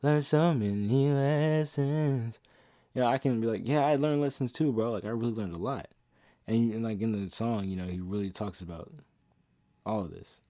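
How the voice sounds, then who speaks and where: A man's voice: fairly low pitch, a little fast, warm tone, no echo, clean studio sound. A young man talking casually and passionately as a podcast host, blunt and profane, sometimes half-singing lyrics. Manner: half-sings song lyrics he quotes. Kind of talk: casual monologue.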